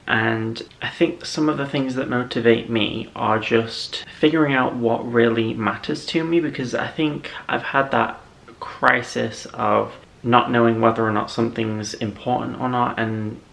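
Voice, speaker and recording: At home indoors, a vlogger chats casually to camera, rambling and correcting himself as he goes in a relaxed way. His medium-pitched voice is a little slow and creaky.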